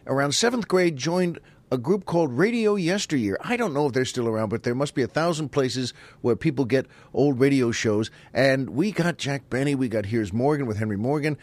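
A man's voice: mid-range voice, animated, brisk, a little mellow, no room sound. A man hosting his own show, telling stories in a rambling, digressive comic monologue. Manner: rambling, digressive, chuckling storyteller. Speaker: host.

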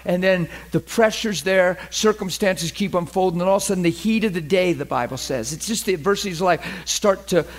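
A man's voice: sits high, fairly quick, hardly any pauses. A man leading an informal Bible study, teaching earnestly and often checking that his listeners are following.

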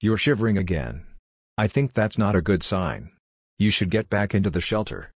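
A man reading the part of a calm, logical female android who is helping crash survivors, in a level, matter-of-fact way. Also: on the low side, moderate pace, husky, no room sound, clean studio sound, full character voice.

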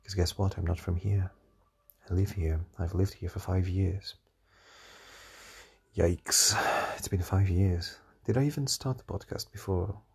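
Deep gravelly man with a mixed British-American-Portuguese accent. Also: darkish tone. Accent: mix of British, American and Portuguese. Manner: musing and rambling, with sighs and restarts. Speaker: podcast host. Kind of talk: solo podcast monologue.

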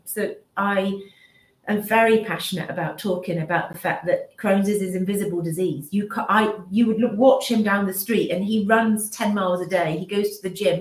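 Woman in her fifties, echoey room. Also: mid-range voice. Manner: emotional, restarts sentences, acts out remembered speech. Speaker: business owner and mother, interview guest. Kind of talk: candid personal account in an interview. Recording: roomy echo.

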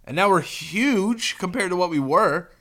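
Male podcast co-host, slightly high, bright voice, jokey and musing. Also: expressive. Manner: joking, quick reactions, musing. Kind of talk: casual chat.

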